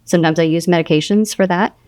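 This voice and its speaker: A middle-aged woman, a nurse practitioner, chatting on a podcast and telling patient stories with lively quoting. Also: lowish voice, quick pace. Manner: storytelling, animated quoting of patients. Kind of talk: casual podcast chat.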